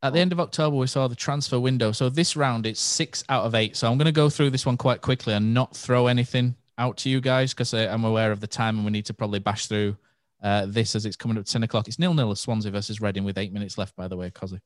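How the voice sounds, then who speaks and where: Brisk, jokey male quizmaster with a dry sound. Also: fairly low pitch, fairly even intonation, dry recording. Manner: brisk, jokey, reading questions aloud. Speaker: quizmaster, podcast host. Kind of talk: casual quiz hosting.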